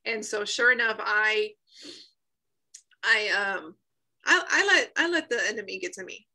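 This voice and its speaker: Bright-voiced woman telling an emotional story. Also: mid-range voice, unhurried, low-quality recording. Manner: animated, laughs often, acts out quoted voices. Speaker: guest sharing a healing testimony.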